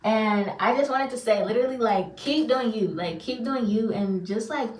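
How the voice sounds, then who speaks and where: A woman's voice: fairly high pitch, moderate pace, darkish tone, a little hiss or hum. A woman who works as a spiritual reader and channeler, talking to her viewers in a loose, chatty and self-deprecating way with lots of fillers. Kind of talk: casual rambling monologue to viewers. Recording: roomy sound, far from the mic.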